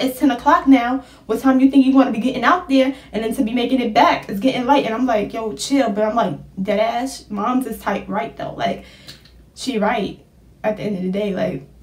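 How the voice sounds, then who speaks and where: A young woman telling a casual storytime tale, slangy and animated, jumping into high excited bursts when she quotes people. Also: roomy sound, recorded from a distance.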